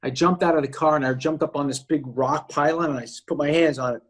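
A man, an actor guest, telling a personal story in casual talk, animated and acting out the voices of the people he quotes. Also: fairly high pitch, fast.

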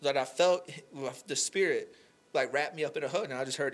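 A young man telling an emotional faith story on a podcast, animated and full of "like" fillers. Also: medium pitch, brisk. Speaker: podcast guest. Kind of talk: candid faith conversation.

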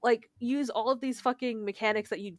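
A woman's voice: on the high side, fairly quick, no room sound, studio quality. A young woman on a casual podcast, telling a story with lots of swearing and acted-out dialogue. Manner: animated storytelling, swears a lot, acts out dialogue. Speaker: podcast co-host. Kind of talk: casual chat.

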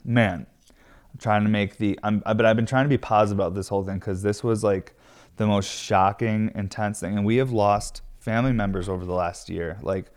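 Rambling, swearing man, lowish voice. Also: steady tone, a little fast. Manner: rambling, many fillers, swears freely. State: stressed. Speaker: glass studio owner. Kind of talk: candid casual vlog talk.

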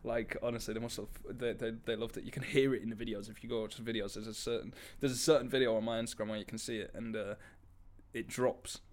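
A man's voice: mid-range voice, steady tone, fast talker. A man, a band member chatting casually about gigs, laughing often and swearing as he tells stories. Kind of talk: casual chat.

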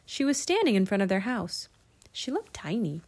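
A woman narrating a children's storybook in an expressive, lilting way. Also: mid-range voice, normal speed. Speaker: audiobook narrator.

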